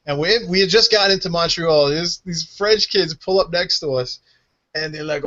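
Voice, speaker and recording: Bright-voiced New York man, lo-fi. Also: a little high, normal speed. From United States. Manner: profane, animated, laughing. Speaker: co-host. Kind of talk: casual chat.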